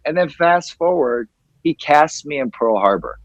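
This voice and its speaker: A man's voice: mid-range voice, fast, no room sound, low-quality recording. A man in his forties hosting a podcast over a video call, telling a long, rambling story and acting out the quoted lines. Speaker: podcast host.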